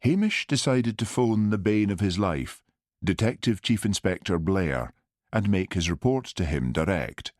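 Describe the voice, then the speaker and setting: A man reading an audiobook in steady, measured scripted narration. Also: fairly low pitch, dry recording, clean studio sound.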